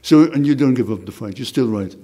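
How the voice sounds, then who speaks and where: A man's voice: mid-range voice, fairly quick, warm tone. Man, English, literary moderator, short questions, reflective asides. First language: German. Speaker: interviewer and moderator.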